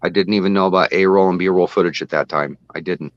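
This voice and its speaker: Deep-voiced man on a dull, dry mic. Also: fairly even intonation, fast, no echo. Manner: rambling explainer, many fillers. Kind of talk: casual live-stream chat.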